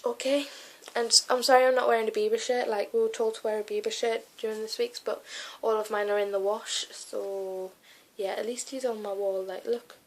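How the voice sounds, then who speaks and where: A woman's voice: a little high, rough recording. A teenage woman talks straight into her webcam from her bedroom. She rambles and gushes, stringing her thoughts together with "like" and "oh my God", in a casual vlog. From United Kingdom. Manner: gushing, rambling, lots of "like" and "oh my God". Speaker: vlogger. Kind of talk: casual vlog recounting a concert.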